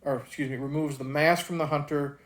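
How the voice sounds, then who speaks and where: A man's voice: on the high side, steady tone, fairly quick. A man casually reviewing a film, rambling with frequent fillers and restarts.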